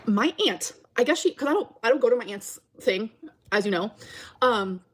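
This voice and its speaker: A woman's voice: fairly high pitch, animated, normal speed. A woman telling a rambling story to camera in a casual vlog, full of fillers and acted-out quotes.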